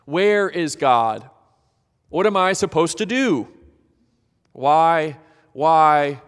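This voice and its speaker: Pastor preaching dramatically in a reverberant hall. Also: male voice, medium pitch, clean tone. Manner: dramatic, acts out voices of people in the story. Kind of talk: sermon.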